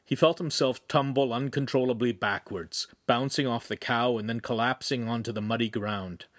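A man reading a young adult novel aloud in a measured, even way. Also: medium pitch, no echo, clean studio sound. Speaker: audiobook narrator. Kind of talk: scripted narration.

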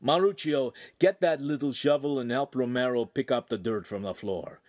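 A man's voice: medium pitch, moderate pace, darkish tone, lightly acted. A man voicing a cheerful, bossy master craftsman with an Italian accent and broken English.

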